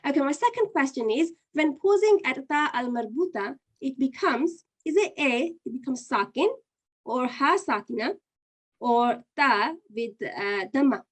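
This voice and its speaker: A woman's voice: sits high, lively intonation, unhurried. A woman teaching an online Qur'an reading lesson, patiently explaining step by step and running a quiz.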